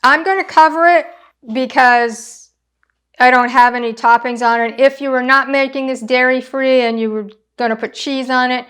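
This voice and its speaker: A woman's voice: high voice, fairly even intonation, moderate pace, fairly bright tone, smooth. A woman hosting a casual home cooking demonstration, chatting through each step as she cooks in her kitchen. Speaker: cooking channel host.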